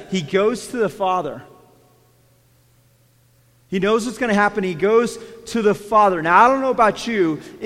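A man preaching a sermon as pastor, dropping to hushed lines and then rising to emphatic ones, and acting out quoted prayers with feeling. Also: high voice, big-room sound. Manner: swings between quiet hushed lines and raised emphatic ones.

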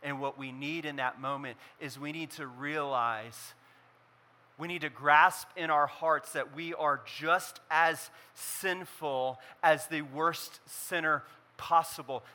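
Male pastor preaching, fairly high and very bright voice, moves from loud emphasis to hushed intensity. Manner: preaching with wide swings between loud emphasis and quiet intensity. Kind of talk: sermon.

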